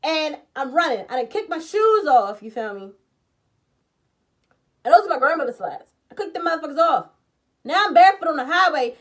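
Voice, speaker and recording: Young woman, slightly high voice, profane and dramatic, loud outbursts against low asides. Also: big pitch swings, moderate pace, pauses often. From Baltimore, USA. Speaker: vlogger. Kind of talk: emotional storytime.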